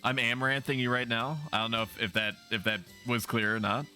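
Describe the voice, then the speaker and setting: A man's voice: mid-range voice, fairly even intonation, a little fast, sharp tone, soft background music. A man streaming a game, chatting playfully and bawdily with his viewers in a teasing, casual way. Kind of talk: casual gaming commentary.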